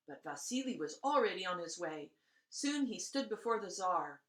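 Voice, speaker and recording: A woman reading a story aloud in a gentle, expressive bedtime style, sometimes dropping to hushed tones. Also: lowish voice, moderate pace, echoey room, poor audio.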